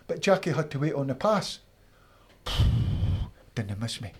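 A Scottish man, a former footballer, telling animated stories from his playing days in an interview, acting out his old coaches. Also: a little high, a little slow, pauses often, breathy edge. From Scotland. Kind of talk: storytelling interview.

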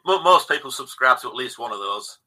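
A man's voice: mid-range voice, animated, a little fast, sharp tone. A man with an English accent, a singer-songwriter guest on a podcast, speaking in a modest, good-humoured, understated way. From England. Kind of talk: casual interview chat.

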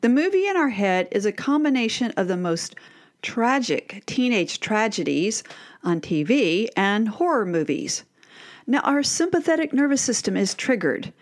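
Expressive woman coaching mothers. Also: medium pitch. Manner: expressive, acts out teen and parent voices. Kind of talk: scripted advice talk to mothers.

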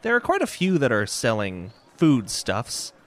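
Casting: male game master, casual laid-back narration, mid-pitched voice. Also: wildly swooping pitch, measured pace, a bit bright.

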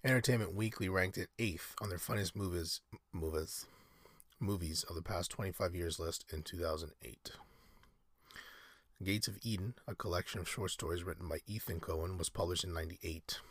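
A man's voice: low-pitched, moderate pace, fairly bright tone, husky, no room sound, clean studio sound. A man reading aloud in a casual podcast, often breaking off into rambling, self-correcting asides. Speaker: solo podcaster.

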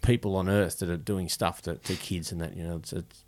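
A man hosting a podcast interview, quickly chiming in with agreement and short remarks. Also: sits low, steady tone, darkish tone. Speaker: podcast host. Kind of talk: casual interview chat.

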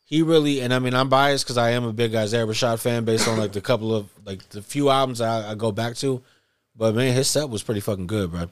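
A man's voice: medium pitch, brisk. A man hosting a casual hip hop podcast chat, talking in a loose, laid-back way and swearing freely.

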